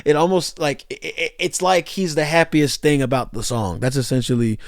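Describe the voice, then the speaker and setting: A man's voice: a little high, fairly even intonation, moderate pace, creaky, dry recording, clean studio sound. Tired young man rambling about music. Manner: rambling, loose, full of fillers and restarts. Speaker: music commentator. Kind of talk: casual music breakdown.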